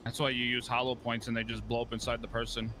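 A man's voice: mid-range voice, monotone, fast talker, background noise. A young man in casual voice chat, laid-back and boastful, swearing freely. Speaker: game player chatting out of character.

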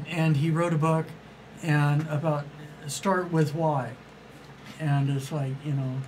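A man's voice: a little high, level tone, slow, a little mellow, slight background noise, low-quality recording. A man guesting on a radio interview as an author, telling stories in a rambling, enthusiastic way and acting out the dialogue he quotes. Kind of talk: casual radio interview storytelling.

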